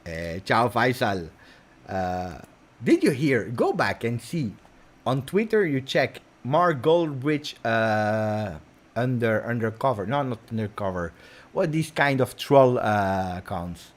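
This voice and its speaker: A man's voice: medium pitch, expressive, slow pace. An Italian-accented man hosting a football livestream, chatting casually and reading out viewer messages with many fillers. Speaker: football channel host.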